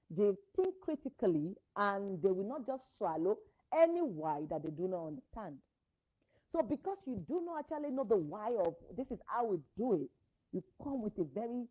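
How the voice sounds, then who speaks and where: A woman's voice: medium pitch, mellow, dull audio. A woman giving an earnest motivational talk to parents as a parenting coach, repeating her phrases for emphasis.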